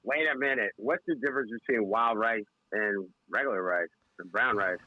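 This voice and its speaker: A man's voice: on the low side, moderate pace, no echo, lo-fi sound. A man co-hosting a casual podcast, rambling with stammered restarts. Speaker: podcast co-host. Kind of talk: casual banter among friends.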